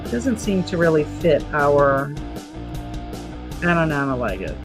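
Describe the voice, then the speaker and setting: A woman hosting a relaxed live stream, chatting in a rambling way and reading out viewer comments. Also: deep voice, measured pace. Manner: rambling, chatty, lots of fillers. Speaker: livestream host reading chat comments. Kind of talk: casual chat. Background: soft background music.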